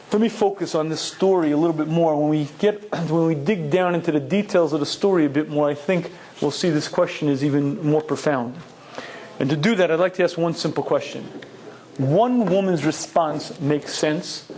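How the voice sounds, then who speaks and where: Male lecturer, Torah class, higher voice, emphatic, asks and answers his own questions. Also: darkish tone, slight background noise. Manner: emphatic, rhetorical questions, Hebrew terms. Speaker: Torah teacher.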